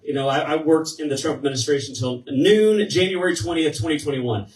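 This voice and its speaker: A man's voice: fairly high pitch, brisk, darkish tone, distant mic. Fired-up man at a rally, echoey hall. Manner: fired-up, asks the crowd questions. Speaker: state representative speaking at a campaign rally. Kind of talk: political rally speech. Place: event hall. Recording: echoey hall, mic heard from afar.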